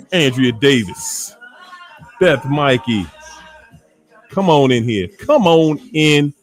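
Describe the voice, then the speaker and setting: This D.C. African American livestream host has a fairly high, animated voice and talks very slowly, pausing often. Keeping things casual, he playfully names viewers and laughs often.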